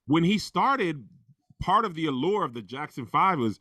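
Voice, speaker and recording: A man co-host in a casual podcast debate, animated and fond of acting out little hype lines. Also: a little high, moderate pace, no echo, clean studio sound.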